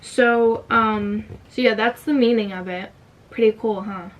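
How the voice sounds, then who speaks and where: Young woman, vlogger, teary and choked up, lots of fillers, higher voice. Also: steady tone, measured pace, far from the mic, muffled recording. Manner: emotional, near tears, fillers like "like". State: tight throat from holding back tears. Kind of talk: casual confessional vlog.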